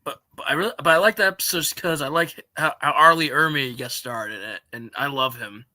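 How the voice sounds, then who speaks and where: Hesitant man with a bright voice. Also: on the high side, brisk, no room sound. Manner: hesitant, lots of uh. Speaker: stream guest. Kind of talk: casual chat.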